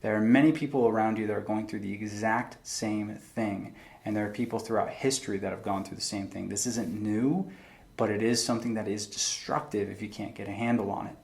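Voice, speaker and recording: A man's voice: lowish voice, steady tone, brisk, creaky, a little mellow. A young man giving an earnest, reflective talk to camera about faith and struggle, quoting scripture in a plain-spoken way. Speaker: faith video host.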